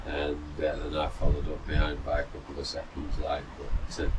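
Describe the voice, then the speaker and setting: A man's voice: rumbling low, monotone, moderate pace. A middle-aged man casually recounting a long run in a rambling, chatty way, full of fillers and restarts, sitting out on a balcony. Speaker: runner vlogger. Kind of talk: casual storytelling. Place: outdoor balcony in the mountains. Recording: distant mic with noisy outdoor ambience.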